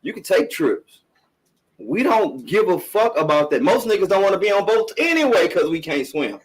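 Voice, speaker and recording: Man, middle-aged, slightly high voice, blunt swearing podcast rant, emphatic and repetitive. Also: very animated, moderate pace, breathy edge, rough recording. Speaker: podcast host on a live stream. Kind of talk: casual profane commentary rant.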